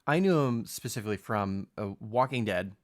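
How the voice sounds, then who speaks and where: A man co-hosting a podcast in casual chat, relaxed and hesitant with many fillers. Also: lowish voice, normal speed. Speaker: podcast co-host.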